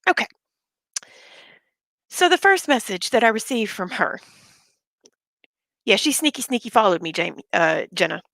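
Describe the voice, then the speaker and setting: Gravelly-voiced woman ranting on a live stream. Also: mid-range voice, sing-song, moderate pace, long pauses, pushed and bright, no room sound. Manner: blunt, profane, fired-up. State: sick with covid, short of breath. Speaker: livestreamer. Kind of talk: casual live-stream rant.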